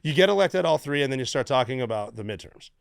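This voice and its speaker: A middle-aged man from the United States, a former Navy SEAL guest telling stories in a casual, profane, animated way. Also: medium pitch, fast talker, creaky, clean tone, dry recording, clean studio sound. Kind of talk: casual storytelling.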